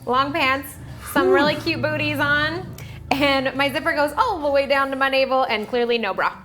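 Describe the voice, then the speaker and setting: A woman's voice: high-pitched, normal speed, fairly bright tone, faint music behind. A woman playing a tabletop game, talking in a playful, giggly way. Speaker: player. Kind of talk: tabletop role-play, casual.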